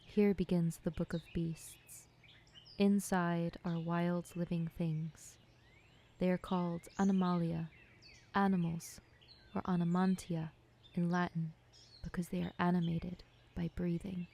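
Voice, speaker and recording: Hushed, mellow woman narrating poetry. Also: lowish voice, level tone. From United States. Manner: slow, measured, hushed, with occasional whispers. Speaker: filmmaker narrating her own work. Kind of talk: poetic scripted narration.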